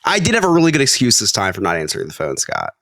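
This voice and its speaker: A man's voice: fairly low pitch, racing, vocal fry, no room sound, studio quality. Congested man telling a comic story. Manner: animated storyteller, laughs through his own story. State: a little congested. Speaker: podcast co-host. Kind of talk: casual storytelling chat.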